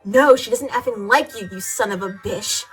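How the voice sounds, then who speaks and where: A woman voicing an angry young goth boy who curses and yells. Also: fairly high pitch, moderate pace, faint music behind, lightly acted, rough recording. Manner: swearing, yelling.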